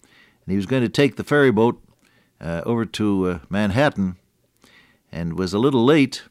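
A man's voice: on the low side, animated, normal speed, darkish tone, no room sound, studio quality. A man delivering a radio sermon, telling stories in a conversational way that builds to earnest, emphatic points. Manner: earnest, rises to emphatic peaks; conversational, with chuckles and restarts. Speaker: radio preacher.

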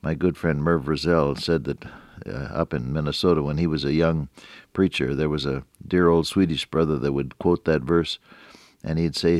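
An older man delivers a radio devotional sermon in a deep, low voice. He preaches earnestly, quoting scripture in old-fashioned wording and rising on key phrases. The recording is dry and close, with no room sound. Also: steady tone, moderate pace, darkish tone, no echo.

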